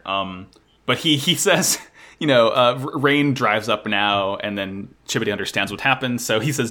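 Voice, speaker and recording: A man in casual chat recapping an anime with friends, excited and swearing often. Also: medium pitch, moderate pace.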